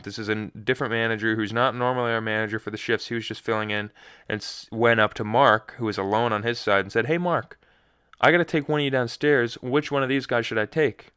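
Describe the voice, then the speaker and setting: A man's voice: fairly low pitch, sharp tone, clear, resonant tone, no echo, clean studio sound. A young man hosting a solo podcast, telling a rambling, self-mocking story full of tangents. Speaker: podcast host. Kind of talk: casual solo chat.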